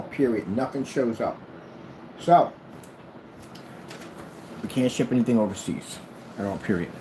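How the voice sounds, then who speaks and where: A man's voice: on the high side, a little mellow, a little hiss or hum. A middle-aged man vlogging at home off the cuff, blunt and combative as he runs his small business talk. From United States. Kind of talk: casual unscripted vlog.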